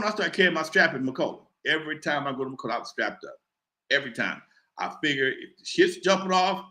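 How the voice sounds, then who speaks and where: Animated, profane man spinning a tale. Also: fairly high pitch. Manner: animated, profane, acts out the voices of others. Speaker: show host telling a story. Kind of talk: casual live-show storytelling.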